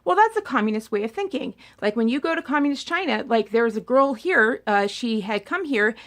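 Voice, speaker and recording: A young adult woman vlogger talking politics in a rambling, animated monologue that often repeats words. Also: on the high side, a little fast. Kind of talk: casual opinion monologue.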